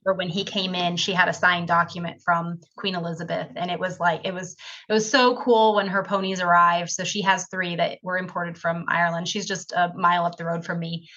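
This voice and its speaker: A woman's voice: little pitch movement, brisk, pushed and bright, dull audio. A woman guest on a podcast, talking over a video call in a chatty, rambling way with lots of fillers. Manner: chatty, rambling, acts out quoted dialogue with big pitch jumps. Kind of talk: casual storytelling interview.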